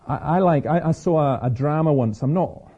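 Husky Scottish preacher with a sore throat. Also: male voice, fairly high pitch, normal speed. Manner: lively storyteller, repeats words as he restarts. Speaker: speaker. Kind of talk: preaching talk to an audience. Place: stage before an audience. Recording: slightly dull lo-fi recording.

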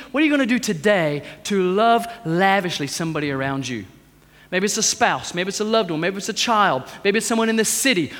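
A man preaching a sermon, asking rhetorical questions and swinging between loud urging and hushed intensity. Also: very high-pitched, big-room sound.

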